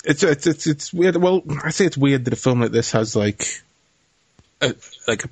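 A man in a joking, animated film podcast chat, poking fun and swearing freely. His voice sits at an ordinary pitch, recorded close and dry. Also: normal speed, slightly rough, no room sound. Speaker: podcast co-host. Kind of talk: casual film review chat.

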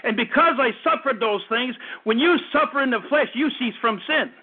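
High-voiced preacher man in his fifties. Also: normal speed, husky. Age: 50s. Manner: fervent, repetitive preaching with stammered restarts. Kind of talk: radio sermon. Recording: tinny phone-like radio broadcast.

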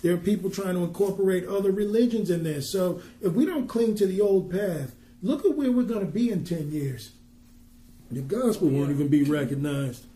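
An earnest male minister preaches and tells stories with a fairly high but mellow voice. He reads scripture slowly and with weight. The sound is roomy and echoey. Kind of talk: preaching and storytelling on a podcast.

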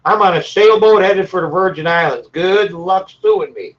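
A man's voice: sits high, moderate pace. A man on a group call telling stories casually and laughing at them. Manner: animated, laughs at his own stories. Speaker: caller in a discussion group. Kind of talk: casual storytelling. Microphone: call audio. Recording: dull lo-fi call audio.

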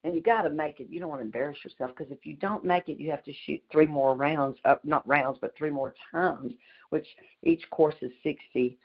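A middle-aged woman, chatting fast and laughing through a story on a group call. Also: low voice, husky. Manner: fast-talking, chatty, laughs mid-sentence. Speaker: community call participant. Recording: dull lo-fi call audio.

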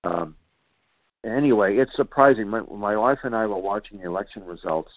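A man's voice: fairly low pitch, normal speed, no room sound. Guy hosting a talk radio show, indignant and rambly, lots of uhs, dry dull lo-fi broadcast sound. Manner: indignant, rambling with many fillers and restarts. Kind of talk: political commentary monologue.

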